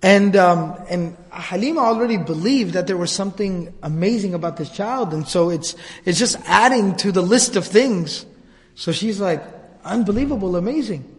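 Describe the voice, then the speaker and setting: A man giving a religious storytelling lecture, conversational and animated, with many repetitions. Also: sits high, normal speed, long reverb tail. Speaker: religious teacher.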